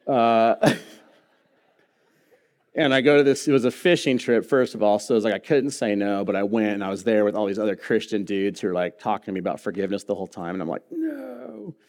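A man's voice: fairly low pitch, fairly even intonation, a little fast, a little mellow. A man in his thirties, a pastor preaching a sermon in a church, telling a personal story with humor and earnest feeling. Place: church sanctuary.

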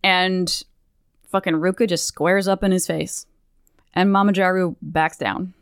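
A woman co-hosting a podcast, casually recapping a game story in an animated way, acting out the characters' lines with laughter and swearing. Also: on the low side, unhurried, dry recording, studio quality. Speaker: podcast co-host.

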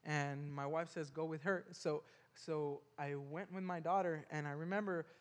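A man telling a personal story earnestly, haltingly, with frequent restarts and repeated words. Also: a little high, level tone, in a large hall.

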